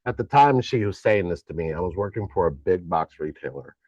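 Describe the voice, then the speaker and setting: A middle-aged man co-hosting a live stream, chatting casually, animated and joking, swearing now and then. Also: deep voice, brisk, no room sound, lo-fi sound. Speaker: co-host.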